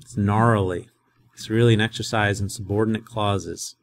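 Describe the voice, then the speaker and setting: A lowish-voiced male professor leads a Greek lesson in a chatty, animated way. Soft background noise sits under his voice. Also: normal speed, vocal fry. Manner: conversational, animated explaining.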